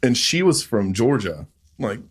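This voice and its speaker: A man's voice: medium pitch, sing-song, unhurried. A man co-hosting a casual podcast, telling stories with joking asides. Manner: easygoing storyteller, joking asides. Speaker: podcast co-host. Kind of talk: casual chat.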